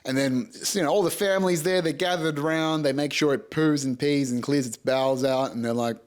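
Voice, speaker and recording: A man's voice: fairly high pitch, a little fast. An Australian man in his thirties hosting a podcast, telling a comic story with lots of swearing and laughter. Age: 30s. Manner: profane, animated, laughs through his story. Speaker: podcast host.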